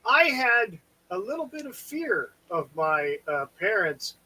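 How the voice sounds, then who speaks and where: A man in his fifties chatting casually as a podcast co-host, blunt and swearing, with quick agreeing remarks. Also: high-pitched, sing-song, bright, forceful tone, a little hiss or hum, low-quality recording. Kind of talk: casual chat.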